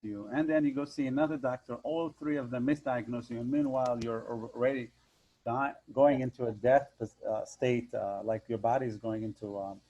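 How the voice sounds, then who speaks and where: A man's voice: medium pitch, fairly even intonation, moderate pace, dark tone, dull audio. A man speaking as a guest in a conversational interview, hesitant with many fillers and repeated words. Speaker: guest, hypnotherapist.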